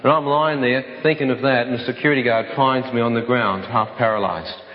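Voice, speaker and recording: Man, mid-pitched, vivid testimony storyteller; dull recording, long hall echo. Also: fairly even intonation, a little fast. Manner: vivid storytelling that acts out other voices. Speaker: speaker telling his life story. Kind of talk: dramatic personal testimony.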